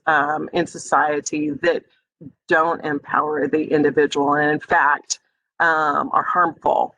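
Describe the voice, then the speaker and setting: Woman instructor, lecture over video call, chatty with frequent ums, bright lowish voice. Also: slight background noise, poor audio. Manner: conversational, many ums, addresses students as friends. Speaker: music history instructor. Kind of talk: online lecture.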